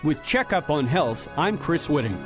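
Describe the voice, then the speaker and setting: A man presents a short scripted health report for radio in a crisp, newsreader style. His voice is slightly high, and faint music plays underneath. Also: big pitch swings, normal speed.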